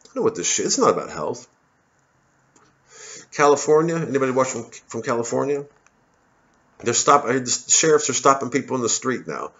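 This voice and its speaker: Male comedian, profane sarcastic rant, mid pitch, lo-fi sound. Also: very animated, fairly quick, long pauses, fairly bright tone. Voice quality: rambling, profane, sarcastic, many restarts. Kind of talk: profane ranting monologue to camera.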